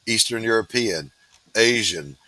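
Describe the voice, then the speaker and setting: A man's voice: fairly low pitch, animated, measured pace, no room sound. A man co-hosting a livestream in casual chat, joking and teasing the others. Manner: joking, teasing, laughs loudly. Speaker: livestream co-host.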